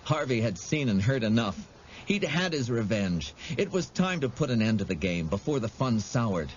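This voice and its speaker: A man narrating an audiobook in a dramatic, expressive storytelling manner. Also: medium pitch, moderate pace, lo-fi sound, a little hiss or hum.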